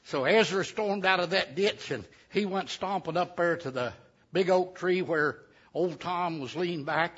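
A man's voice: high-pitched, normal speed, fairly bright tone, slightly rough. A man telling a folksy tale to a live audience, with chatty asides. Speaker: storyteller. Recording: dull lo-fi recording.

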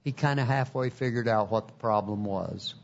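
A man's voice: lowish voice, normal speed. A man preaching a testimony in an earnest, folksy storytelling way, on a dull lo-fi recording.

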